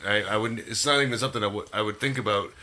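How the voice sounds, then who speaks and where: Bright-voiced man in casual chat. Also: fairly low pitch, racing. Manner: rambling, laughs often. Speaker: podcast co-host.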